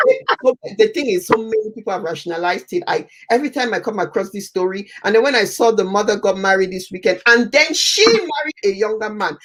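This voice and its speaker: A woman co-host in a casual talk show, speaking at a middle pitch. She reacts with lively disbelief and jumps in to agree. Her talk is animated and conversational. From Nigeria. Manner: lively, incredulous, quick to agree. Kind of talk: casual chat.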